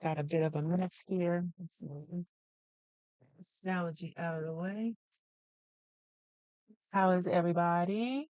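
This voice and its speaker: A woman's voice: fairly low pitch, fairly even intonation, measured pace, pauses often, darkish tone, clean tone, dry recording. A woman hosting a live planner stream from home, chatty and greeting viewers by name as she thinks aloud. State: a little out of breath. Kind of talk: casual live-stream chat.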